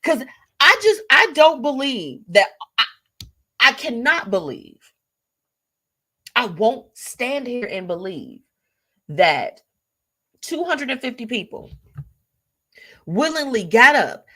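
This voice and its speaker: Animated laughing woman show host. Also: on the high side, slow pace, long pauses, slightly rough. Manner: animated, laughing, addresses audience as y'all and baby. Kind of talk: live show commentary reading viewer comments.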